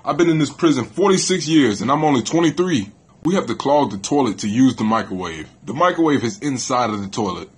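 A man's voice: mid-range voice, expressive, brisk, slightly rough, pitched below the performer's own voice. A man playing a boastful young prison inmate. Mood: lecturing. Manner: preachy, exaggerated tough talk. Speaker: comedy skit performer. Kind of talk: comedy skit.

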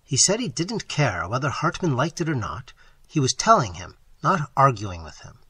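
A male narrator reading a classic novel aloud with a dramatic, expressive delivery. His pitch moves widely and his tone is bright with a faintly husky grain. The sound is dry and close. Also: moderate pace, no echo. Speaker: audiobook narrator. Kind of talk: audiobook narration.

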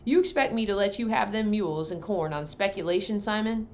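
A woman voicing a stingy, gruff farmer uncle with a slow, suspicious drawl. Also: mid-range voice, lively intonation, pitched above the performer's own voice, close to an everyday voice.

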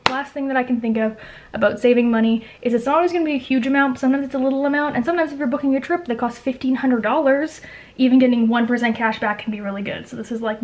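A young Canadian woman vlogging in a quick, chatty way, full of fillers and asides, giving travel tips to camera. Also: a little high. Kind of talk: casual chat to camera.

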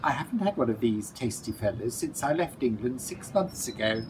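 A man's voice: medium pitch, expressive, normal speed, background noise, close to an everyday voice. A man voicing a polite, weary male cuckoo bird in a storybook reading, with a courteous, genteel and sleepy manner.

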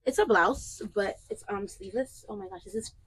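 A woman's voice: mid-range voice, fairly quick, breathy edge, poor audio. A young woman chatting casually and playfully in a clothing try-on vlog, with joking asides. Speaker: vlogger.

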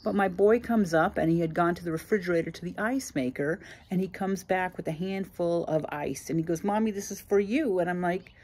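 A woman's voice: fairly low pitch, a little fast, hardly any pauses, darkish tone. A woman in her sixties, hosting her own channel, telling a personal story in a plainspoken, reflective way with frequent fillers. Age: 60s. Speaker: channel host.

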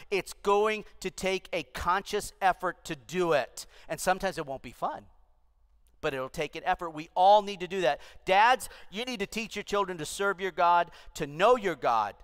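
Smooth, high and fairly bright, this middle-aged pastor's voice fills a big church auditorium with long reverb. He preaches with exhortation, urging the congregation to answer him out loud.

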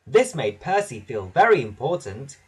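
A man narrating a children's storybook in a lively, animated way. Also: medium pitch, moderate pace, breathy edge.

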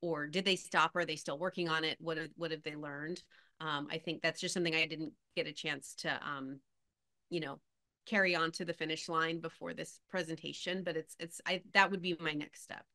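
A woman with a low yet bright, forceful voice answers a webinar question. She thinks out loud, leaning on "you know", in a dry, close recording. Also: fairly even intonation, fairly quick, no room sound. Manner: thoughtful, many "you know" fillers. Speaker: webinar presenter. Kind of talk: video call discussion.

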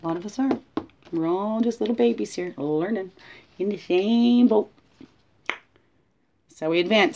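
Woman, spiritual guide, casual reflective teaching, lower pitch, musing, frequent "right?". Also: a little slow, pauses often. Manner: tags many sentences with "right?"; musing, thinks aloud.

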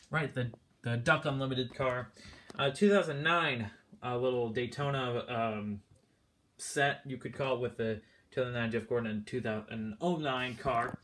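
A man's voice: medium pitch, a bit bright. A man casually walking through his diecast car collection, rambling with lots of fillers and a bit out of breath.

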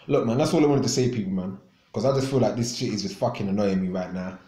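A man's voice: mid-range voice, quick pace, mellow, roomy sound. Profane ranting man. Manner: angry, profane, repetitive. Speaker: radio show host. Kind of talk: ranting monologue.

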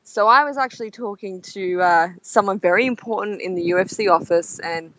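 A woman's voice: mid-range voice, a little fast, a bit bright, no echo, lo-fi sound. A young Australian woman with an Australian accent, chatting casually as a guest and telling funny stories with frequent laughs. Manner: bubbly, laughs often, tells anecdotes. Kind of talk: casual chat.

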